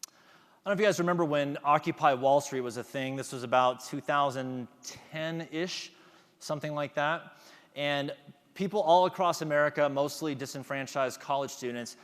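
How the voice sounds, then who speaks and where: A man's voice: a little high, normal speed, a bit bright, long reverb tail. A man giving a motivational talk to an audience, engaging them with questions. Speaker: conference speaker.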